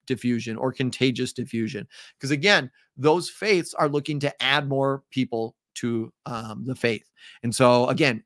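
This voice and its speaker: A man's voice: mid-range voice, bright, forceful tone, smooth, dry recording, clean studio sound. A man with a Midwestern accent, teaching an upbeat, chatty live-stream review lesson with frequent ums. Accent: Midwestern American.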